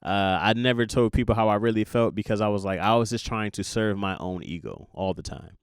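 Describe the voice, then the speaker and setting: A young man hosting a podcast, talking through a casual confessional monologue in an animated, jokey way and laughing at himself. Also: on the low side, fairly quick, clear, resonant tone, no room sound, clean studio sound. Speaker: podcast host.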